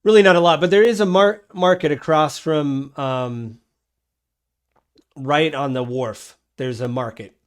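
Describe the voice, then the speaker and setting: A man's voice: on the high side, unhurried, clear, resonant tone, close to an everyday voice. A man voicing a friendly middle-aged stable keeper who talks in a chatty way, with many fillers. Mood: obliging.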